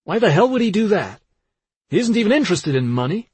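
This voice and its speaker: A man voicing a panicked young man, shouting in a frantic, pleading way. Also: mid-range voice, big pitch swings, normal speed, slightly rough, no echo. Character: panicked young man fearing for his twin.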